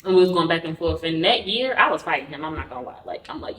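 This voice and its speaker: A woman guest telling a personal story in an interview. She talks candidly and acts out the quoted dialogue with lively energy. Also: deep voice, quick pace, slight background noise. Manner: candid, conversational. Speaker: podcast guest. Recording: roomy, mic at a distance.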